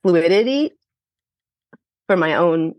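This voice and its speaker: A woman's voice: fairly low pitch, expressive, slow pace, darkish tone, no echo. A millennial woman yoga teacher, a guest in an interview, talking in a thoughtful, frank way and laughing often. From Los Angeles. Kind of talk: reflective conversational interview.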